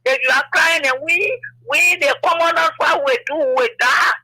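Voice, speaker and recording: A woman's voice: high-pitched, normal speed, sharp tone, poor audio. A woman calling in to a talk show, making an emotional plea and raising her voice. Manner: pleading, emotional, raises voice. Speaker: caller. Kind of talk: impassioned call-in plea.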